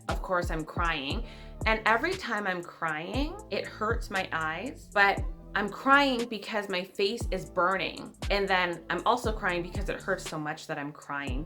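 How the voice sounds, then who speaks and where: A woman in her thirties tells a personal story to camera in a vlog. She is animated and acts out what others said. Her voice sits low yet sounds bright and forceful, with soft music underneath. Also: a little slow. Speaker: vlogger.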